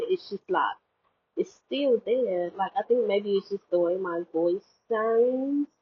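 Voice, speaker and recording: A young woman vlogging in a rambling, jokey way, full of fillers and self-mocking asides, recorded on a headphone mic. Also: a little hiss or hum. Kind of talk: casual chat. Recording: tinny low-quality headphone mic.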